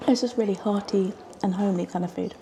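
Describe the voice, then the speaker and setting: A woman's voice: medium pitch, fairly even intonation, fast talker, gravelly. A woman from the UK, a travel vlogger, chatting casually to camera about a walk and her food. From United Kingdom. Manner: chatty, giggly, tipsy at times. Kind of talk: casual vlog chat to camera.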